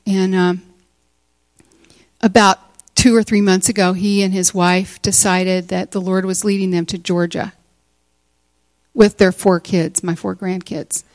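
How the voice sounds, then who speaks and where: A woman in her sixties telling a personal story to a church gathering, animated and often laughing. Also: medium pitch, a little slow, long pauses, dry recording. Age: 60s. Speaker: teacher speaking at a church retreat.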